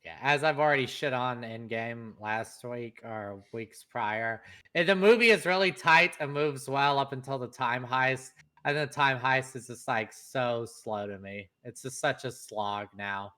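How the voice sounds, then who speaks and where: A young man co-hosting a casual podcast, talking fast and animatedly with lots of fillers. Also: medium pitch, sharp tone. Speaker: podcast co-host. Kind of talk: casual chat.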